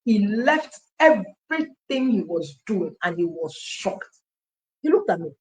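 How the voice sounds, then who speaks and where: A Nigerian woman recounts her own story as an interview guest, acting out the dialogue of the people she quotes. She talks animatedly at a mid pitch and often slips into Pidgin. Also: big pitch swings, unhurried. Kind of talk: personal testimony in an interview.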